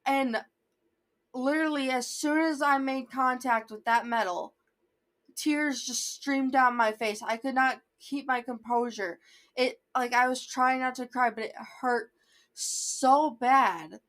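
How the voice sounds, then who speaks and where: Woman, young adult, high-pitched, rambling, self-interrupting, casual storytime vlog. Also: takes it slowly, fairly bright tone. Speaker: vlogger.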